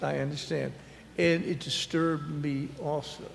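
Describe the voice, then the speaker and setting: Gravelly, slow-talking storyteller man. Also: on the high side, flat delivery, a little hiss or hum. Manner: rambling, self-deprecating, halting with restarts. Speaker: guest author. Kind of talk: storytelling at a live author talk. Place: public library event hall. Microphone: handheld mic. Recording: echoey hall.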